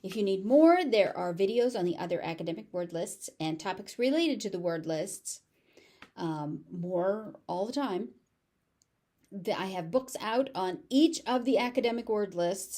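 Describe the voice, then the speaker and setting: A woman with a General American accent teaching English pronunciation, saying each word slowly and carefully and repeating it several times. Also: medium pitch, expressive, dark tone.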